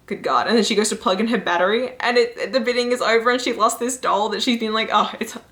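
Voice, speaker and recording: A woman's voice: on the high side, fast. Chatty woman gushing over webcomics. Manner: chatty, animated retelling of plots, frequent "like" and "you know". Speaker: book and webcomic reviewer. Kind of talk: casual recommendation chat.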